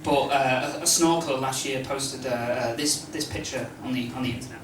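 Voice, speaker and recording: A man doing a stand-up comedy routine on a club stage, rambling and hesitant, with lots of stammered restarts and deadpan asides. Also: medium pitch, a little fast. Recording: roomy live club recording from a distance, noisy.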